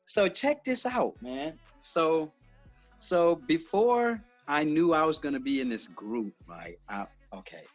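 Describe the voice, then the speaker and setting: A man with a Southern US accent, a singer chatting in a relaxed, halting way during an interview. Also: a little high, soft background music. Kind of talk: casual interview chat.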